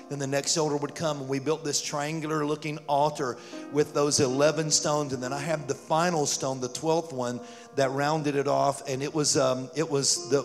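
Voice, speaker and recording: A male pastor telling a story in a sermon, animated and rising to loud fervor. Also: on the high side. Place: church sanctuary. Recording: church hall reverb with music.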